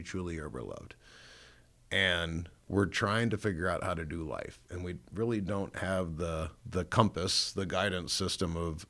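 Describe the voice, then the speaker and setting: A man's voice: sits low, a bit bright. A middle-aged man from Northern Illinois, a pastor telling his life story in a studio interview, earnest and self-mocking as he tells it. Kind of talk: personal testimony in an interview. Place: recording studio.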